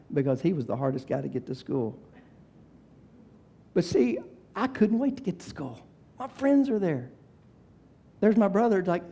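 An older man preaching a sermon, swinging between loud, shouted exhortation and quiet, chatty family stories. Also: a little high, creaky. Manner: preaching that swells to shouting, then drops into soft storytelling. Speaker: pastor. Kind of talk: sermon with storytelling.

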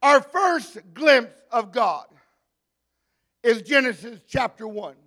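A man preaching a sermon in a church, rising to shouted, drawn-out climaxes between joking asides. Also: very high-pitched, expressive. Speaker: pastor. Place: church hall. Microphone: handheld mic.

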